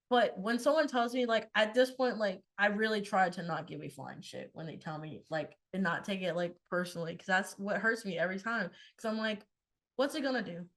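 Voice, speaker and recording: A woman's voice: medium pitch, normal speed, fairly bright tone. A woman in her twenties co-hosting a podcast, chatting casually, retelling conversations with lots of quoted back-and-forth and laughter. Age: 20s. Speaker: podcast co-host. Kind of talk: casual chat.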